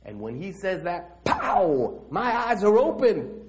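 A man playing a streetwise blind beggar who tells his own story in a church monologue, slangy and animated. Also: sits high, slow, heavily acted. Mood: excited. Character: streetwise blind male beggar, brash and eager. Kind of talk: dramatic monologue in a church service.

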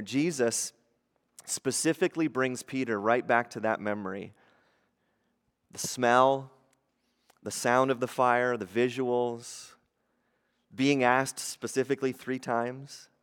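Conversational male preacher in a reverberant hall. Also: mid-range voice. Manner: conversational, swings from hushed to emphatic. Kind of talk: sermon.

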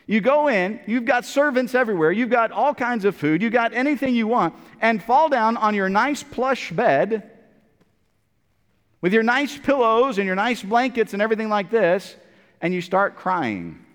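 Male preacher, high voice, casual storytelling sermon, church echo. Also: expressive, normal speed, a bit bright. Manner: storytelling, conversational, repeats words.

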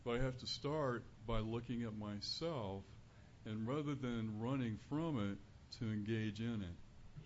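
A man giving an earnest, conversational sermon as a preacher in a church, building to louder emphasis on key points. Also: medium pitch, measured pace. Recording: dull lo-fi recording with faint room noise.

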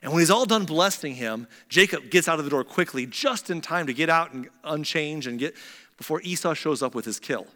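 A pastor tells the story in a relaxed, animated way and keeps breaking off for casual asides. His voice is bright and a touch high, and it rings with a long church reverb. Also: fairly quick. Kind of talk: casual sermon retelling a Bible story.

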